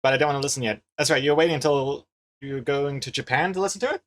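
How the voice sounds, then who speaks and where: A man's voice: mid-range voice, fast, fairly bright tone. A young man from New Zealand talks casually through a live drawing stream, his accent a blend of Kiwi and American. He reads chat messages aloud in an easy, chatty way and laughs often. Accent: mixed New Zealand and American. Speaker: webcomic artist and streamer.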